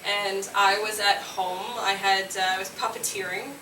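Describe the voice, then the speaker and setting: A woman from Nova Scotia, Canada, in her late twenties, telling a brash, animated comic story on stage, often laughing at her own lines and yelling punchlines. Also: mid-range voice, moderate pace, crowd noise. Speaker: solo comedy performer. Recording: roomy, distant, noisy live room recording.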